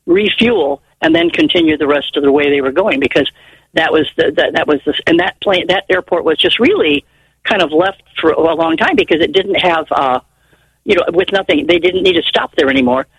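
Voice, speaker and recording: A woman's voice: deep voice, fairly quick, slightly rough, dry recording, rough recording. An older woman phoning in to a radio show, telling a long rambling story in a chatty way. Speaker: caller. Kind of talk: call-in radio chat.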